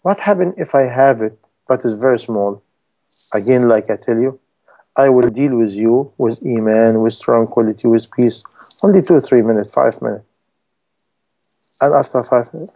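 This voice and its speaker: Male preacher with a mellow, warm tone, broken English sermon delivery that acts out quoted people. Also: medium pitch, moderate pace. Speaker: Islamic preacher.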